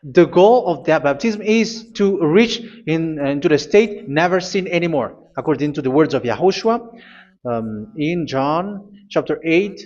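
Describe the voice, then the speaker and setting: A man preaching a sermon, reading scripture aloud, halting and repeating phrases as he goes. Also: on the high side, lively intonation, darkish tone, dull audio.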